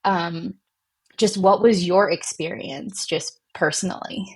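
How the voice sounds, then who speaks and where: Low, husky woman chatting as a guest. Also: fairly even intonation, slow pace. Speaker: podcast guest. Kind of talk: casual conversational interview.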